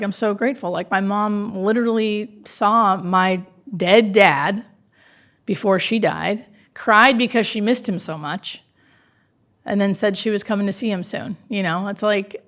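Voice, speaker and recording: Earnest woman telling hospice stories. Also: medium pitch. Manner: animated, earnest, lots of "like" fillers. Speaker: hospice nurse, guest. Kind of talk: conversational storytelling interview.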